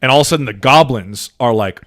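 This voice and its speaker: A man's voice: mid-range voice, fast talker, no echo, clean studio sound. A man co-hosting a podcast, telling movie scenes in casual chat with lots of swearing and acted-out lines. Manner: excited, swearing storyteller who acts out scenes. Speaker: podcast co-host.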